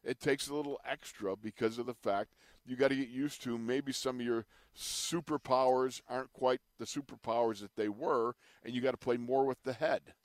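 A former athlete co-hosting a casual sports talk, relaxed and joking. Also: male voice, medium pitch, normal speed, no echo.

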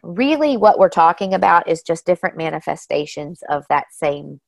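A woman guest telling personal stories in a casual, animated way, often saying "you know" and "like". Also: lowish voice, normal speed, vocal fry, no echo. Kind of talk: casual storytelling.

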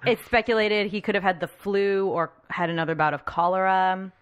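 A woman's voice: medium pitch, fairly even intonation, moderate pace, smooth, muffled recording. A woman in casual conversation, working through a list of points in a matter-of-fact way. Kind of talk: casual chat.

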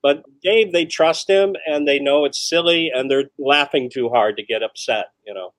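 Halting man recalling stories, dry sound. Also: a little high, fairly bright tone, no room sound. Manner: halting, hesitant storyteller. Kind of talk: casual chat.

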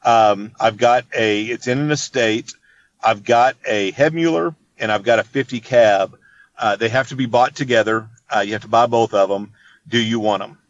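A man's voice: mid-range voice, moderate pace, no room sound, muffled recording. A man telling a long story in casual chat, rambling and laid-back, full of "dude" and "you know what I mean.". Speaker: podcast guest.

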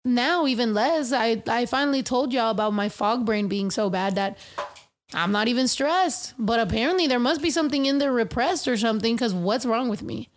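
Bubbly, high-voiced woman telling stories. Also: moderate pace. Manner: animated storyteller, swears freely, acts out quotes. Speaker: podcast co-host. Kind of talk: casual chat.

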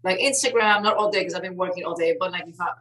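A woman co-hosting a casual talk show, earnest and emphatic, quick to argue back. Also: lowish voice, fairly bright tone, low-quality recording. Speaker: co-host. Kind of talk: casual chat.

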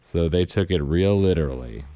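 A man co-hosting a casual chat, telling animated stories and laughing often. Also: low voice, moderate pace, no room sound. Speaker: podcast co-host.

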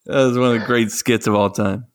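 A man's voice: medium pitch, steady tone, a little fast. A man co-hosting a podcast, chatting in a jokey, friendly way. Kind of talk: casual podcast chat.

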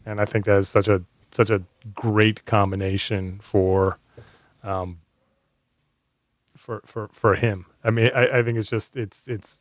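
A man's voice: mid-range voice, no echo. Guy on a podcast, stammers and restarts a lot, dry mic, middle voice. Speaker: podcast co-host. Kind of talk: casual chat.

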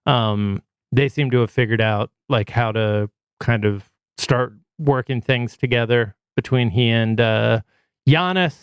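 Sports podcast host, male, smooth clear voice, dry close studio sound, casual stat-heavy chatter. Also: mid-range voice, a little slow, dry recording. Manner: chatty, reels off stats with fillers.

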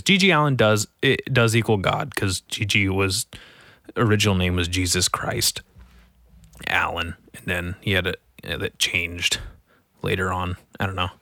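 Young man, solo podcast host, profane, grumbling, lowish voice, dry room. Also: a bit bright, no room sound. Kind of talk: solo podcast, reading headlines.

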